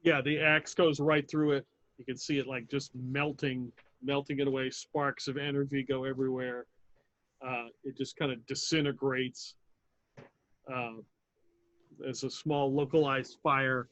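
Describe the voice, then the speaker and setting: A man's voice: medium pitch, flat delivery, a little slow, a bit bright. A man narrating as game master of a tabletop role-playing game, casual and profane, with plenty of fillers. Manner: casual, swears, lots of fillers.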